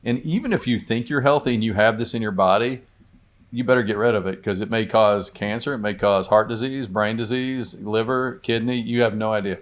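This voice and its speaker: A man's voice: lowish voice, fairly quick. A man, a doctor and podcast guest, chatting casually and telling stories in which he acts out the people he quotes. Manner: storytelling, acts out quoted patients.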